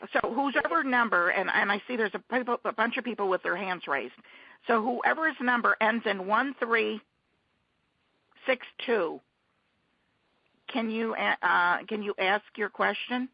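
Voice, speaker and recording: Gravelly husky woman on a call. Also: medium pitch, dry recording. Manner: halting, many restarts and fillers. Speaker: conference call host. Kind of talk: casual teleconference hosting. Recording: muffled dry conference-call line.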